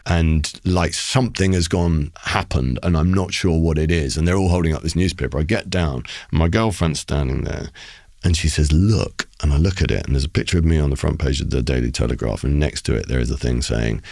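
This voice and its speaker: Deep, gravelly man telling a theatrical story. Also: brisk, no room sound, studio quality. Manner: animated storyteller with theatrical flair, acting out voices, frequent restarts. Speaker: guest poet. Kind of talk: storytelling interview anecdote. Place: recording studio.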